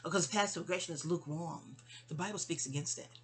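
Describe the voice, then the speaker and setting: A New York vlogger talks fast in a lowish, slightly rough voice, rambling through a digressive personal monologue to her mother. She keeps restarting, adding asides, and often drops to a softer volume.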